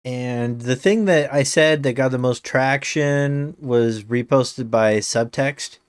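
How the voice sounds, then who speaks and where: A man's voice: mid-range voice, takes it slowly, smooth, dry recording. A male game streamer chatting casually on a live stream, rambling with many fillers and slipping in dry jokes.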